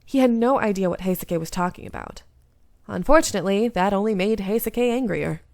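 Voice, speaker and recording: A woman reads a visual novel aloud in first person, in a mid-range voice. She breaks off now and then for quick asides. The sound is dry and close to the mic. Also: mid-range voice, animated, vocal fry, a little mellow, dry recording. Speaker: gaming YouTuber.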